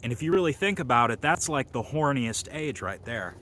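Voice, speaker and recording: Man, bright tense voice, rambling, crude, filler-heavy comic monologue. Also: medium pitch, animated, brisk, a little hiss or hum. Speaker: comedy video host.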